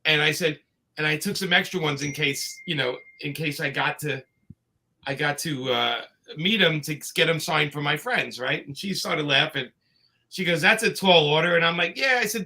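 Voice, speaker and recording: A man tells his stories in a loose, meandering way, stopping and restarting with plenty of fillers. His voice sits a bit high and comes across bright and forceful. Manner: rambling anecdotes with many fillers and restarts. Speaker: comics creator telling stories. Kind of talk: casual storytelling chat.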